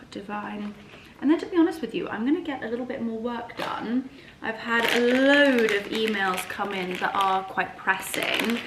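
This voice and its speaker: A woman's voice: medium pitch, echoey room, noisy background. A woman chatting casually to camera in a lifestyle vlog from her kitchen at home, bubbly and gushing. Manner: bubbly and gushing, sing-song baby talk to her dogs. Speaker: lifestyle vlogger.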